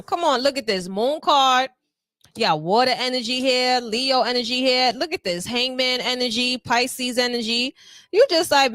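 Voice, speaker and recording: Sassy high-voiced woman reading tarot. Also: animated, normal speed, bright, forceful tone, no room sound, clean studio sound. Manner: sassy, slangy and playful, acting out little quoted voices. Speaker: tarot reader.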